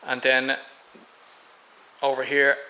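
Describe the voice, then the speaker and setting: An Irish vlogger walks viewers casually through a house for sale on a tropical island, moving in and around it room to room and rambling a bit with ums and restarts. His medium-pitched voice is completely flat, slow and sharp, on poor audio with slight background noise.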